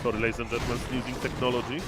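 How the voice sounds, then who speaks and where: A man casting a strategy video game match, excitable and fond of repeating catchphrases to his audience. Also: mid-range voice, very fast, heavy background noise. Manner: excitable, repeats catchphrases, addresses "ladies and gentlemen". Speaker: game caster. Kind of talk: excited esports commentary.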